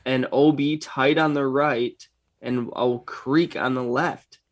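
A man's voice: medium pitch, fairly even intonation, slow pace, no echo. A man co-hosting a golf podcast, chatting casually and laid-back, with slang like "dude". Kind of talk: casual chat.

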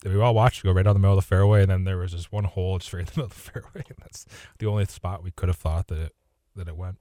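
A man's voice: sits low, steady tone, racing, warm tone, no room sound. A man co-hosting a golf podcast, talking in an easygoing, rambling way and often correcting himself. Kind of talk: casual chat.

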